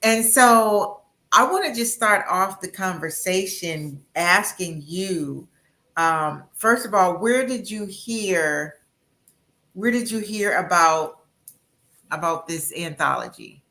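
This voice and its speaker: A woman hosting an interview, her voice a touch low yet bright and forceful. She speaks with motivational emphasis and keeps drawing her guest in with "right?". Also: expressive, slow pace. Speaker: interview host. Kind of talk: conversational interview.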